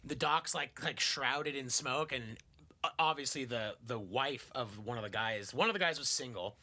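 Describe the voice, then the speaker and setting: A man's voice: mid-range voice, moderate pace, sharp tone. A man hosting a podcast, telling a story in a casual, profane way, laughing and acting out other people's lines. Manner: acts out quotes in shifting voices. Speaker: podcast host.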